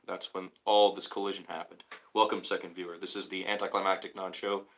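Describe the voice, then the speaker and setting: A man with a lowish, bright and forceful voice hosts a small solo show. He reads a newspaper article aloud and keeps breaking off to comment, with halting fillers and restarts. His delivery is brisk and pushing. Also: level tone, low-quality recording. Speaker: host.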